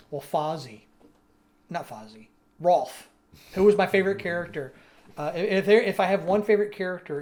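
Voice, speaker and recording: A man co-hosting a podcast, telling a story in casual chat and acting out quotes with animated swings in his voice. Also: a little high. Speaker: podcast co-host.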